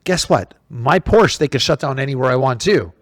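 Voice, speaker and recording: A man hosting a casual podcast chat, telling stories in an animated, emphatic way with many restarts. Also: medium pitch, normal speed. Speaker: podcast host.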